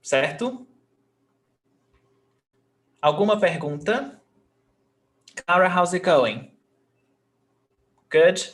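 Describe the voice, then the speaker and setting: A man's voice: high-pitched, animated, fairly bright tone. A man with a Brazilian Portuguese accent teaching a live online lesson, repeating example sentences and checking that students follow. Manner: patient, repeats examples slowly, checks understanding.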